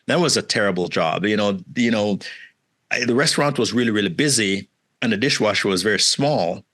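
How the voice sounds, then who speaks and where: In a laid-back interview, a middle-aged Jamaican entrepreneur recounts stories and plays out the voices of others with plenty of energy. His pitch is fairly low, his speech a little fast, and "right?" and "man" come up frequently.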